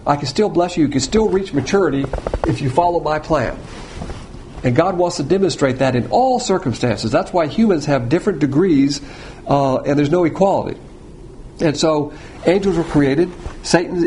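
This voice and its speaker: A man preaching a sermon, blunt and provocative, swinging between loud emphasis and quiet asides. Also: on the high side, moderate pace, a little hiss or hum.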